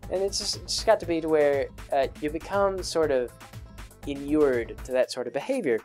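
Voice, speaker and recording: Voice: mid-range voice, moderate pace, darkish tone, soft background music. A video creator answering patron questions in a casual, rambling monologue full of fillers and restarts. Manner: acts out quoted people in a raised voice.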